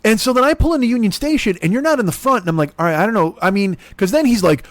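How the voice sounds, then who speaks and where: A man with a high, very lively voice rants through a comic story, cursing freely and playing out both sides of each exchange. His exasperation carries every line, and the studio sound is close and dry. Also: fast, hardly any pauses, no echo. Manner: profane, exasperated, acts out both sides of conversations. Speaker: podcast host. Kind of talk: comedic ranting story.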